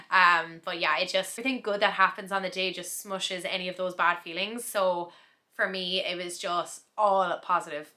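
A woman's voice: on the low side, steady tone, normal speed, bright, forceful tone. A young woman chatting in a casual vlog, recapping her day in a reflective, talkative way with frequent laughs. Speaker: vlogger.

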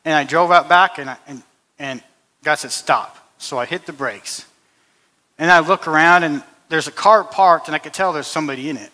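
A man with a slightly high, bright and forceful voice tells his faith stories in plain, chatty language, stumbling over repeated words. His voice carries a long reverb from the church hall around him. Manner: conversational storytelling, repeats words, many "you know" fillers. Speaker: guest speaker and musician at a church service. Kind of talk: informal testimony talk.

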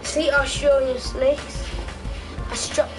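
A gameplay commentator talking in a halting, excited way, often yelping and shouting at the game. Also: sits high, poor audio. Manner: loud, yelps and shouts at the game. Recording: music playing loudly behind. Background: loud music.

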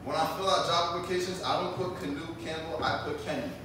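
A young man from Jamaica works through a stand-up set, rambling through his stories with plenty of fillers. His voice sits a little high. He is picked up from a distance in a very echoey club, with clear room noise underneath. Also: fairly even intonation, quick pace. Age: 20s. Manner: loose, chatty storytelling with lots of fillers. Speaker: stand-up comedian. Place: comedy club stage.

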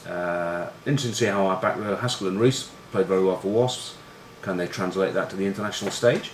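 A man's voice: deep voice, quick pace. Swearing, self-deprecating ex-rugby man. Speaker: former rugby player and pundit. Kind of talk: casual storytelling. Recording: roomy room echo with faint noise.

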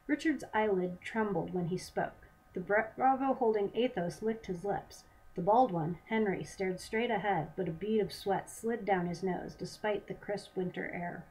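A woman author reading her own novel aloud with measured, even narration. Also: medium pitch, poor audio.

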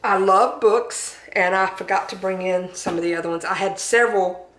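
A woman's voice: mid-range voice, moderate pace, echoey room, noisy background. A woman with a Southern accent chatting casually at home, showing off her thrift store finds in a homey, talkative way. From Southern United States. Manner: chatty, homey, laughs at herself. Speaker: thrift haul vlogger. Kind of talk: casual show-and-tell chat. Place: home dining room.

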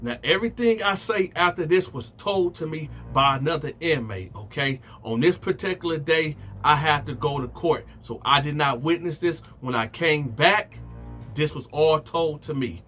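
Animated man telling a prison story. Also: on the high side, moderate pace, faint music behind. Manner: animated, slangy, addresses viewers directly. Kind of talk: casual storytelling vlog.

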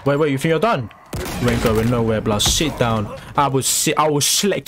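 A man's voice: medium pitch, normal speed, a little hiss or hum. Trash-talking young man. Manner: trash-talking, excitable, slangy. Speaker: gamer. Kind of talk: live gameplay commentary. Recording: game music in background.

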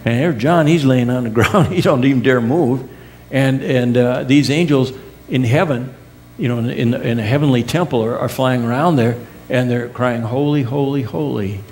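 A middle-aged male pastor preaching a sermon in earnest, with emphatic rising peaks, soft drops and casual folksy asides. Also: mid-range voice, normal speed, slight background noise. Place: church sanctuary.

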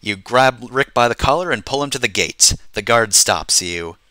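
A man streaming himself reading a text adventure game aloud, in an animated way and chuckling at the story. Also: medium pitch, moderate pace, no echo.

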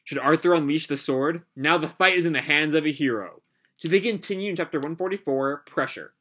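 A man's voice: on the high side, a little fast, bright, forceful tone. A man casually reading a comic aloud and reacting to it live, with frequent filler "like"s.

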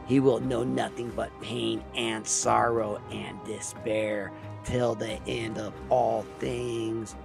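A man voicing a growling demon that demands a vessel, speaking slowly. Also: on the low side, flat delivery, music in the background, heavily acted. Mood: menacing. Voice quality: growling, slow and gravelly.

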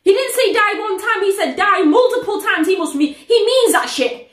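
A woman reacting to a song, exclaiming often and pausing to repeat and explain the lyrics. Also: very high-pitched, animated, fairly bright tone. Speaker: music reaction vlogger. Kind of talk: reacting to a song, casual commentary. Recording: echoey room.

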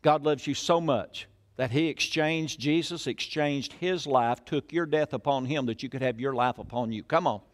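A man's voice: mid-range voice, moderate pace, few pauses. An older man, preaching a sermon in a church in a folksy storytelling way full of questions to the crowd. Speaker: pastor.

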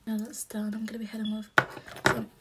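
A young woman vlogging casually as she does her makeup, talking softly and often half-whispering in a chatty way. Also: on the high side, monotone, brisk, very noisy. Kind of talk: casual chat while doing makeup.

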